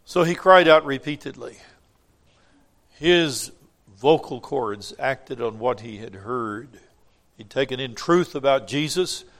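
A man preaching a sermon, swinging between loud emphatic lines and hushed ones, with emphatic repetition. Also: mid-range voice, animated, takes it slowly.

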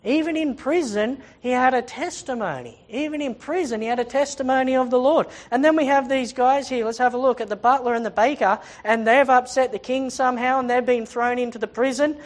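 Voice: high-pitched, brisk, few pauses. Preacher giving a sermon, reads the old scripture aloud, then retells it in plain chatty words and hammers points home by saying them again. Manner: emphatic, repeating phrases for stress.

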